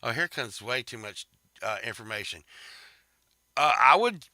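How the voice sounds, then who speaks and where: A man retells a story in a slow, drawn-out delivery, rambling and swearing with laughing asides. His voice is very bright and cutting, and the sound is dry and close with no room echo. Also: mid-range voice, expressive. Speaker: podcast host. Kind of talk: casual storytelling monologue.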